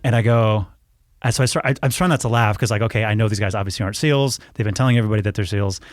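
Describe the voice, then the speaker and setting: A man's voice: fairly low pitch, very fast, no echo, studio quality. A man in his thirties, a podcast guest telling a casual story with lots of restarts and self-corrections. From United States.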